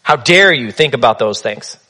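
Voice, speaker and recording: A man's voice: medium pitch, expressive, normal speed, bright, forceful tone. A man preaching a sermon in a conversational, humorous storytelling manner. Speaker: pastor.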